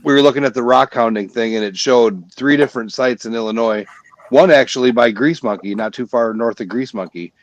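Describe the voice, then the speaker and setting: A man's voice: medium pitch, fairly quick. A man chatting casually as a guest on a live panel, joking and teasing the others. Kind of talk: casual chat. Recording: dry, dull lo-fi sound.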